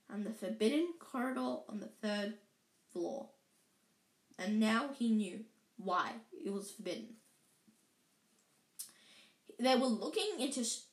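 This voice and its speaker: A woman reading a children's novel aloud, slowing down to linger over vivid details. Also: mid-range voice, echoey room, rough recording. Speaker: reader.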